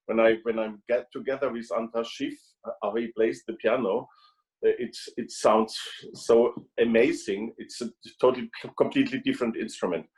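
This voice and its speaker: A man, a guest trumpet player talking on a video call, speaking haltingly with many restarts and repeated words. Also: mid-range voice, darkish tone, poor audio. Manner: halting, frequent restarts and repetitions. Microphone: video call microphone.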